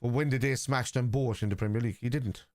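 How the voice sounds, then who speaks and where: A man's voice: mid-range voice, steady tone, quick pace, darkish tone. An Irish man hosting a live football watchalong stream, arguing point by point with viewers' comments in a combative way.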